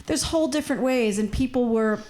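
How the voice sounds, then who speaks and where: A fairly high-voiced woman from Washington D.C. talks on a discussion panel. She is chatty and animated, with frequent asides and fillers. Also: brisk. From United States, Washington D.C.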